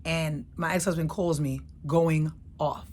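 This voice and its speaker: A woman's voice: sits low, fairly even intonation, unhurried, darkish tone, a little hiss or hum. A woman in her thirties hosting her own channel, telling a personal story in a casual, emphatic way and repeating phrases for effect. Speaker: channel host.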